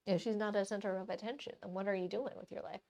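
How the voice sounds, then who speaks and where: A woman's voice: mid-range voice, steady tone, fast, a little mellow, muffled recording. A woman art streamer chatting casually and rambling on a live stream while she paints.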